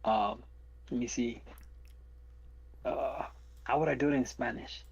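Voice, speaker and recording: A man's voice: mid-range voice, steady tone, unhurried, gravelly, husky, highs cut off. A man chatting casually on a live stream, rambling through asides and reading jokes out.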